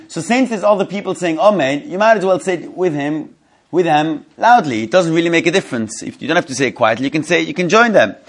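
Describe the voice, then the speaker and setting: A man teaching a Torah study class, reading Hebrew text quickly and then explaining it in English, often restarting phrases and asking his students questions. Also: a little high.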